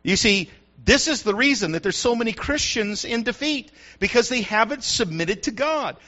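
A man's voice: extremely high pitch, animated, moderate pace, pushed and bright. A middle-aged man, a pastor, preaching a sermon with call-and-response asides to the congregation. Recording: dull lo-fi sound.

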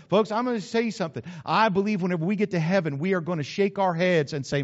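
Male pastor, high-pitched, emphatic conversational preaching, somewhat muffled recording. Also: fast, hardly any pauses. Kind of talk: sermon.

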